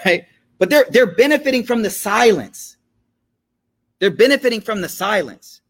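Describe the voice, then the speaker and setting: A man giving a relaxed religious lesson, telling a story in slangy everyday talk and often checking that his listeners follow. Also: high voice, moderate pace. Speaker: religious teacher. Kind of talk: casual storytelling lecture.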